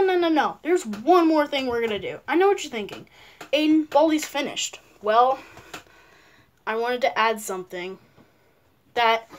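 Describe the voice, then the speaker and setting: A woman's voice: fairly high pitch, fairly bright tone. A woman hosting a casual paper-craft tutorial at home, chatty and playful, with rambling asides. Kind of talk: casual how-to narration.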